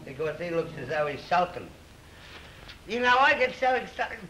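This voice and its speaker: An actor playing a jolly, boastful comic king in a 1930s film comedy, chatty and excitable, with an Australian accent. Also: high voice, normal speed, heavily acted, rough recording. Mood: excited. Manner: chatty, excitable, bossy with cheeky asides. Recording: old film soundtrack with faint hiss.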